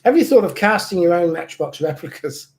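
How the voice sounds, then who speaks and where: On a casual live stream about model cars, a middle-aged host jokes around and chuckles at his own expense. His high-pitched voice is expressive and a little fast, with a darkish tone.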